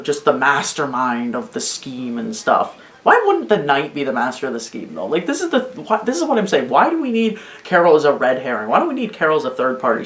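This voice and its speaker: Excitable rambling woman in an echoey room. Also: low-pitched. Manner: excitable, rambling, swears a lot. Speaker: video host. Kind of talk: casual game theory rant.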